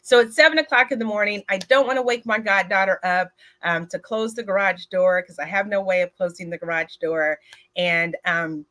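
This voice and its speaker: A woman speaking at a retreat who tells a personal story in an animated way, addressing the audience directly and using many filler words. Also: on the low side.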